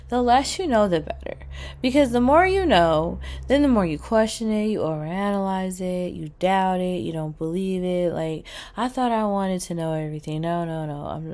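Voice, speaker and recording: A woman in her thirties giving a casual comedic rant to camera, blunt and profane, jumping from loud outbursts to hushed asides and stretching words out for emphasis. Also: on the low side. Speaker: vlogger.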